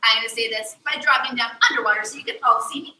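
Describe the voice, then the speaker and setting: A young woman performing as a mermaid, teaching children in an animated, sing-song way at a live aquarium show. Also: on the high side, fast, slight background noise. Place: aquarium tank area with audience. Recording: echoey room from far off, faint ambience.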